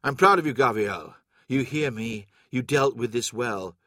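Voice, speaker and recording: A man's voice: mid-range voice, measured pace, bright, forceful tone, no echo, clean studio sound. A man voicing a grim, commanding male warrior captain who presses with urgent questions.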